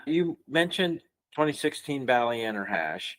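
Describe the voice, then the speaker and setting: A man hosting a casual podcast interview, explaining things in a measured way with some restarts. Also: mid-range voice, sing-song, a bit bright. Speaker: podcast host.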